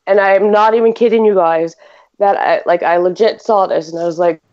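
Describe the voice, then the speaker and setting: A woman's voice: medium pitch, steady tone, a little fast, darkish tone. A woman hosting a podcast in casual chat, rambling with lots of fillers and giggles. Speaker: podcast host. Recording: slightly dull lo-fi audio.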